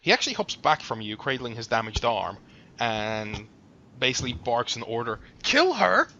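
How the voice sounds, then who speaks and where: A man with a bright, forceful voice serves as game master, narrating the fight in a casual, chatty way. The recording sounds dull and lo-fi. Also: medium pitch, normal speed, a little hiss or hum. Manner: casual, chatty, hums while looking up rules.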